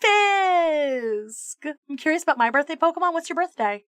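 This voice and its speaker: With no room echo, her high, bright voice sounds close and dry as this VTuber chats casually on her live stream. She's animated and foul-mouthed in her mock rants, and she keeps stumbling into quick restarts.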